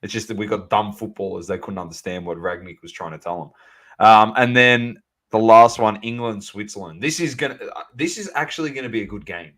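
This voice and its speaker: A man co-hosting a sports podcast, chatting casually and animatedly, calling out to the audience as ladies and gentlemen. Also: on the low side, a little fast. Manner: animated, banter-heavy, addresses listeners as ladies and gentlemen. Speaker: podcast co-host.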